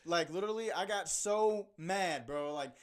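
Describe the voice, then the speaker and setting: A young man hosting a podcast, telling an animated story with lots of laughing and "bro". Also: sits high, moderate pace. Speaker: podcast host. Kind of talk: casual storytelling chat.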